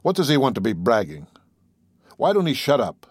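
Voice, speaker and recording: A man reading the lines of an anxious, boastful teenage boy who talks in halting, earnest bursts. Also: medium pitch, huge pitch swings, husky, dry recording, studio quality. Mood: sulky.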